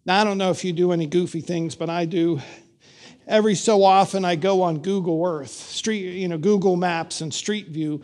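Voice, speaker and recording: An older male pastor telling a story in a sermon, slow and measured with dramatic pauses. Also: high-pitched, steady tone, darkish tone.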